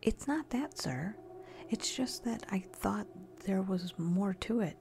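A woman's voice: mid-range voice, expressive, slow pace, vocal fry, a little mellow, slight background noise. A woman voicing a nervous, polite young male rookie detective in a whispered role-play. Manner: stammering, polite.

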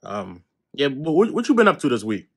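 A man's voice: on the high side, huge pitch swings, fairly quick, gravelly, slightly rough. A man performing a comedy sketch, talking in stammering, repetitive, pushy banter.

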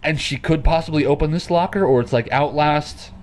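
A man's voice: a little high, fairly quick, slight background noise. A man hosting a horror game video, rambling and joking nervously as he plays. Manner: rambling, jokey, jumpy and nervous. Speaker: gaming video host. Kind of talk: casual let's play commentary.

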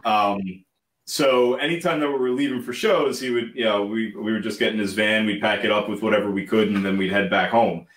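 A man's voice: lowish voice, steady tone, fairly quick, a bit bright, recorded from a distance, slight background noise. Man telling band stories in an echoey room. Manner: rambling, laughs while recounting. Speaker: band member guest. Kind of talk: casual storytelling.

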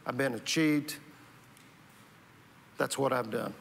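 A male pastor acting out a remorseful man who slowly admits in a hushed voice that he has been a cheat, in a reverberant church hall. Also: medium pitch, creaky, slight background noise. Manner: hushed, slow, self-reproaching. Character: remorseful man confessing his scheming past.

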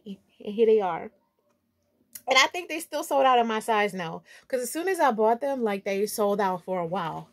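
A young woman vlogger gushing and chatting playfully while unboxing shoes. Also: mid-range voice. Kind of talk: casual unboxing vlog.

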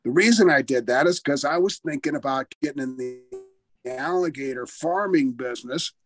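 A man's voice: medium pitch, moderate pace. An older man, a former wrestler, telling career stories in a casual interview, chatty and laughing often as he talks.

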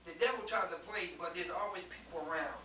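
A man preaching a sermon to a congregation that answers him, rising at times to shouts. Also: high voice, fast talker, a crowd in the background. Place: church. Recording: echoey church, distant mic, faint hiss.

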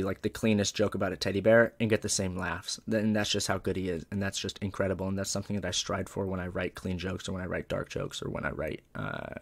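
A man's voice: lowish voice, gravelly. A young male comedian telling loose, profane stories in a casual, rambling way. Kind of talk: casual storytelling interview.

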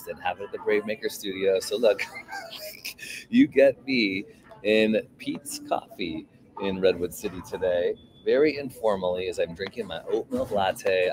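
Over a video call from a noisy coffee shop full of crowd chatter, a Bay Area man hosts a live podcast in a casual, upbeat, chatty way. His voice is low-pitched and the recording is low quality.

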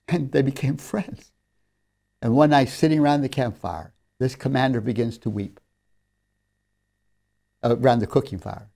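A man's voice: mid-range voice, moderate pace, vocal fry, pauses often. A man giving a recorded seminary lecture, telling stories in an earnest, emphatic way. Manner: earnest storyteller, warmly emphatic on key lines.

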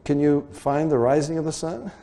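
A man preaching a Bible teaching sermon in an animated way, often rising to excited high exclamations. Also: moderate pace.

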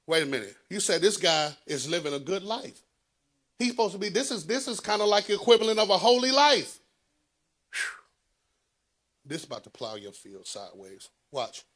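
A man's voice: big pitch swings, moderate pace, pauses often. Man preaching with rising and falling force. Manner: preaching with sudden loud rises and low hushed asides. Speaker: pastor. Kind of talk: sermon.

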